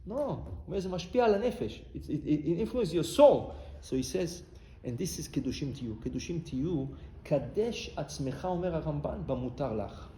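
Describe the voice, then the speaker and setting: Rabbi preaching with lively pitch. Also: male voice, slight background noise. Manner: storytelling, mixing Hebrew words into English, bursts of loud cries. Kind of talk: sermon. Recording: roomy hall with faint ambience.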